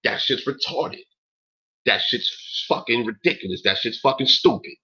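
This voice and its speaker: Husky-voiced man ranting profanely. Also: mid-range voice, normal speed, sharp tone. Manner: profane, emphatic, repeats "yo" and "man". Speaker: host. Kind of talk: casual rant on a talk stream. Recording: dull lo-fi recording.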